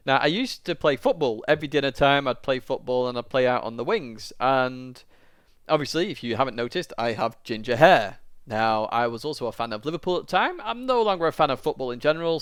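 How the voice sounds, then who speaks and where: Smooth-voiced young man telling a story. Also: mid-range voice, fairly bright tone, dry recording, studio quality. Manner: rambling, lots of fillers, tearing up at moments. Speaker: YouTuber. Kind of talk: casual vlog storytelling.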